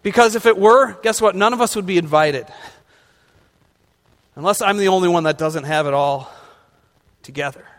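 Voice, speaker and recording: A man's voice: high-pitched, moderate pace, long pauses, fairly bright tone. A man pastor delivering a conversational sermon, asking his congregation rhetorical questions as he goes. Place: church sanctuary. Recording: long reverb of a large hall.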